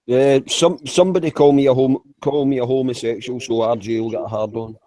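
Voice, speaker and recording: A man's voice: medium pitch, fairly even intonation, a little fast, warm tone, no echo. A man chatting on an online group call, crude and sweary, chuckling as he talks. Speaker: call participant. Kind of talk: casual group call banter.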